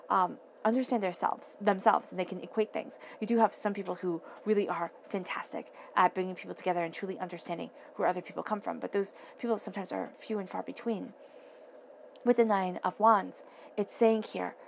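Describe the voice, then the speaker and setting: Earnest woman tarot reader, gravelly fry. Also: mid-range voice, slight background noise. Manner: earnest, repeats and restates phrases; emphatic, talks straight to the listener. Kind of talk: casual tarot reading to camera.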